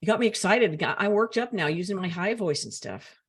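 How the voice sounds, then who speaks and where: A woman's voice: mid-range voice, animated, fairly quick, husky. An older woman co-hosting a casual talk show, emphatic and opinionated. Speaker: co-host. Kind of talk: casual chat.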